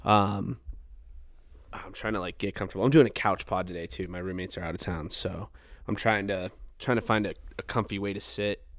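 A man's voice: deep voice, fairly even intonation, fairly quick, dry recording, clean studio sound. A young man from New Mexico, hosting a podcast from his couch at home and telling funny stories in a rambling, casual way with plenty of swearing and fillers. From Farmington, New Mexico, USA. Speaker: podcast host. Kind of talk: casual storytelling.

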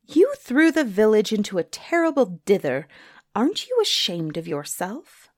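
A woman voicing a strong-minded young village woman in a storybook, scolding with sharp retorts. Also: mid-range voice, wildly swooping pitch, moderate pace, no room sound, clean studio sound.

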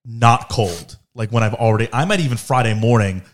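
A man in his twenties chatting casually, frank and relaxed, swearing freely. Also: mid-range voice, a little fast. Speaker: co-host, law school applicant. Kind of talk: casual family chat.

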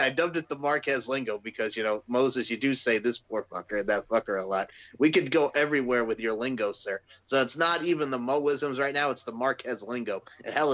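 Man, bright voice, excitable, rambling, casual podcast chat. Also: mid-range voice, rough recording. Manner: excitable, digressive, interrupts with "hold on". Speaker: podcast co-host.

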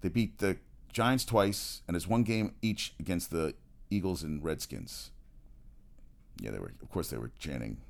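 A man's voice: sits low, lively intonation, measured pace, gravelly. A man hosting his own sports show in a casual, rambling rant, blunt and profane, with faint music behind.

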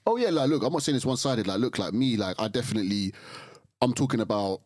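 A man's voice: medium pitch, expressive, darkish tone, dry recording, studio quality. A man co-hosting a podcast in casual chat, speaking in a reflective way and filling his sentences with "like". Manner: fast, reflective, heavy use of "like". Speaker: podcast co-host.

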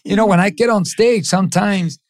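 A middle-aged man from East Los Angeles, a podcast guest giving an animated motivational talk, acting out the voices in his stories and dropping in Spanish phrases. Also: high voice, brisk, no echo, studio quality.

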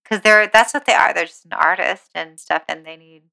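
A woman's voice: on the low side, brisk, gravelly, bright, forceful tone. An American woman in her thirties, co-hosting a podcast in casual, giggly chat with lots of fillers. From United States. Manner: giggly, chatty, many "like"s. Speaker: podcast co-host.

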